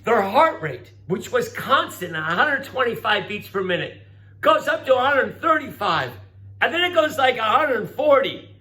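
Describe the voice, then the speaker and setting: Male teacher, middle-aged, lively classroom lecturer, high bright voice with big swings. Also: normal speed. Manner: animated, coaxing, acts out voices.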